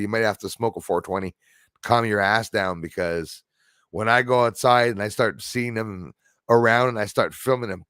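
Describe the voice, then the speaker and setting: A man with a low, gravelly voice chats casually on his own livestream, rambling and getting excited as he reads out and answers viewers' comments. The sound is close and dry, with no room echo. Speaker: livestream host.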